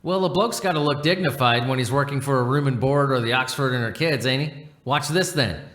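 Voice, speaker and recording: A man's voice: medium pitch, a little fast, fairly bright tone, close to an everyday voice. A man voicing a proud, chatty working-class male coach horse in a roomy room, reading the lines without a put-on accent. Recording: roomy echo.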